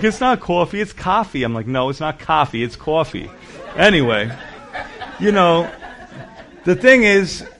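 A middle-aged pastor delivers a lively sermon. His voice sits a little high for a man, and he acts out the people in his stories, dropping low and quiet, then jumping up loud. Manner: animated storytelling with acted-out voices and big swings in loudness.

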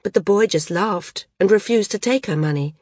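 A woman narrating a novel as an audiobook in a measured storytelling manner. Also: medium pitch, a little mellow, husky, dry recording, studio quality.

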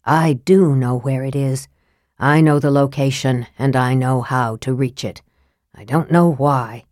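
A woman voicing a sickly young male mage who speaks coldly and scornfully in a soft, low tone. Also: a little slow, dry recording, clean studio sound. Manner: cold, scathing, soft and low.

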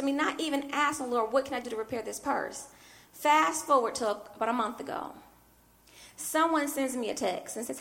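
A woman minister tells a personal story from the pulpit, her fairly high voice carrying a gravelly fry. She preaches in an animated storytelling way and keeps cutting in with "I mean" asides. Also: moderate pace. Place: church.

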